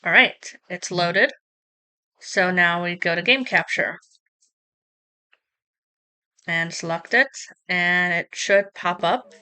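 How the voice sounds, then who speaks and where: A woman streamer explains her setup in an unhurried, casual live tutorial, chatting with asides to her viewers. Her voice is bright and crisp, recorded close on a streaming mic. She takes her time over every step. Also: fairly low pitch. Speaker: streamer teaching streaming software. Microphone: streaming microphone close up.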